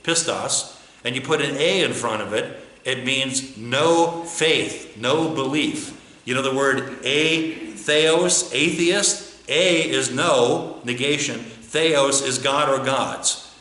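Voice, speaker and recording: A man's voice: mid-range voice, sharp tone. A male pastor preaching a conversational sermon, full of rhetorical questions. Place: church. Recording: echoey church sanctuary.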